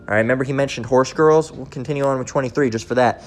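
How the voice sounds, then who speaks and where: A man preaching in a blunt, confrontational way, repeating his points and reading scripture slowly and deliberately. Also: mid-range voice, a little hiss or hum. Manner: blunt, repetitive, keeps asking "all right?"; reads verses slowly and deliberately. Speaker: street preacher.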